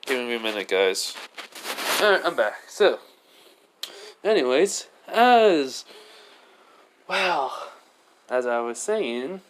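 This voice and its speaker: A man's voice: medium pitch, sing-song, takes it slowly, long pauses, fairly bright tone, a little hiss or hum. A man casually retelling a fan story, rambling with many fillers and frequent laughs.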